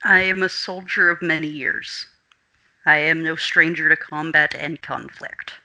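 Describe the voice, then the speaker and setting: A man playing his character in a tabletop game, earnest and plain-spoken. His tone is very bright. His voice sits a little high. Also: fairly even intonation, unhurried, creaky, low-quality recording. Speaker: player. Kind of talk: in-character tabletop role-play.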